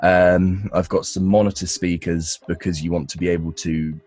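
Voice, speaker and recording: A man's voice: low-pitched, flat delivery, normal speed, darkish tone, faint music behind. A young man, a voice actor, answering interview questions casually, rambling with fillers and restarts. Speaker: voice actor guest.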